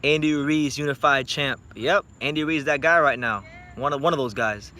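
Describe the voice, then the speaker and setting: A young South Florida man who runs a boxing YouTube channel talks boxing in a blunt, profane, joking late-night vlog chat. His voice is on the high side, bright and forceful, at normal speed, with slight background noise.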